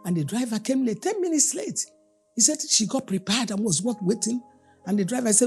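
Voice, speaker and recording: A woman's voice: mid-range voice, fairly quick, breathy edge, soft background music. A woman pastor preaching a sermon, telling everyday stories and acting out the people in them. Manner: animated storyteller, acting out the people in her stories. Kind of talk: storytelling sermon.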